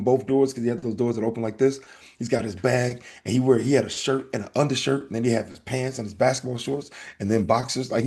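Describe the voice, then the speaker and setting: A man hosting a casual podcast, telling a story in an animated way and acting out the back-and-forth. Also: medium pitch, slightly rough. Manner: animated storytelling, acts out exchanges. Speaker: podcast host.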